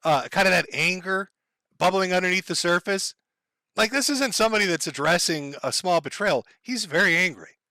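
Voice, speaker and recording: Bright-voiced man giving casual commentary. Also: high-pitched, expressive, normal speed, no echo. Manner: matter-of-fact, explains background. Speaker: commentary host.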